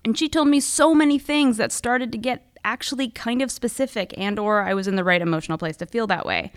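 A woman's voice: a little high, fairly quick, dry recording, clean studio sound. A woman hosting a podcast, telling a personal story in a wry, conversational way. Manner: wry, conversational, with casual fillers. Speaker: podcast host.

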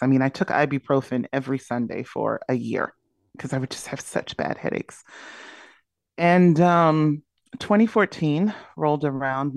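A woman's voice: rumbling low, a little mellow, no room sound, studio quality. Earnest woman telling a personal story. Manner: earnest, candid, reflective. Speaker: podcast guest, burnout coach.

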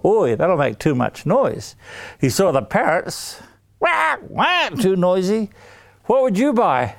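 A man telling a story to children in an animated way, putting questions to them. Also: sits high, unhurried.

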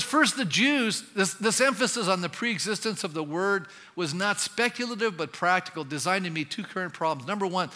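A man preaching a sermon as pastor, emphatic and animated, often putting questions to his congregation. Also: high-pitched, big-room sound.

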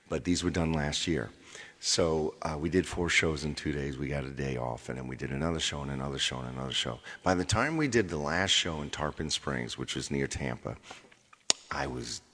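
A tired touring performer tells his fans a rambling story in casual chat, repeating phrases and checking in with "okay" often. He has a bass voice, a bit bright, at a moderate pace, and the recording has a long reverb tail.

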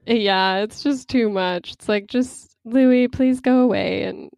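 A woman in casual conversation, chatty and quick to laugh, with lots of fillers. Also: a little high, gravelly, a little mellow, dry recording. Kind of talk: casual chat about news.

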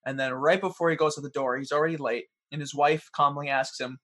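Young male podcast co-host, earnest, casual, a touch higher voice, mimics the people in his stories. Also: steady tone, moderate pace, a bit bright. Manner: earnest, acts out quoted people in an example. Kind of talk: casual chat.

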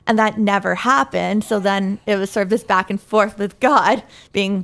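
A woman's voice: mid-range voice, moderate pace, gravelly. A woman speaking as a guest, telling her faith story candidly and earnestly, with light laughs at herself. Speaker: guest sharing her testimony. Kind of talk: personal faith testimony in conversation.

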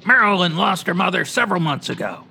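An actor playing a gruff, businesslike city editor in an old-time radio-drama style. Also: medium pitch, sing-song, fast, bright, forceful tone, soft background music.

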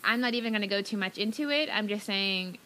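A young woman co-hosting a casual podcast, chatty, with joking asides and quick giggles. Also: mid-range voice, sharp tone, poor audio. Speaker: podcast co-host. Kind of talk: casual chat.

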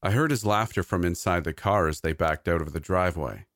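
A man narrating a scripted horror story in a measured, even storytelling delivery. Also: low-pitched, no room sound, clean studio sound.

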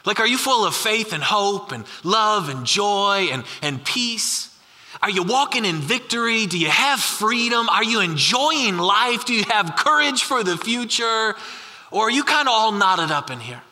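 A man in his thirties preaches with a very bright, forceful voice, keeping it casual and asking his listeners the same question again and again. He slows right down to land his key points. His words ring out with a long reverb, as in a large church hall. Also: high-pitched, very animated. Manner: conversational, repeats questions, slows down for emphasis. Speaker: pastor. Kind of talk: sermon.

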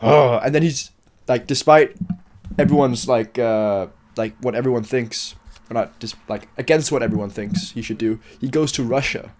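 A man's voice: mid-range voice, normal speed, darkish tone, a little hiss or hum. A man co-hosting a podcast in casual chat, teasing and joking with his partner. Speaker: podcast co-host.

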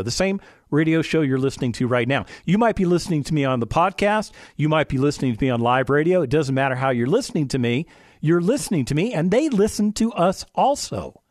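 An animated male radio host with a fairly high, lively voice that swings up and down as he fires off rhetorical questions. He breaks off for playful asides to his dog. The sound is close and dry on a studio microphone. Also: no room sound. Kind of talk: radio talk show monologue.

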